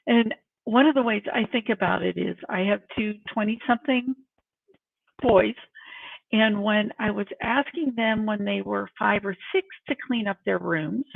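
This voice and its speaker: A woman's voice: mid-range voice, normal speed, creaky, a little hiss or hum. A middle-aged woman giving workplace tips in a chatty, self-mocking way and acting out examples as she goes. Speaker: workplace coach. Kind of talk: casual tips talk to camera. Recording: tinny phone-like sound from a distant mic.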